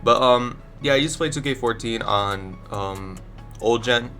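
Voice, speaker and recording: A man's voice: medium pitch, measured pace, bright, forceful tone, soft background music. A young man with a stuffy nose from allergies, casually rambling his blunt opinions as a gaming YouTuber into a desk microphone. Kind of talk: casual commentary ranking video games.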